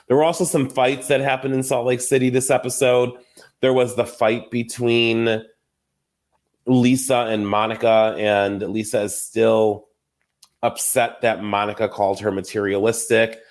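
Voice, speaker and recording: A man's voice: fairly low pitch, darkish tone. A young adult man hosting a casual recap podcast, gossipy and chatty, often laughing and acting out quotes. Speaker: podcast host.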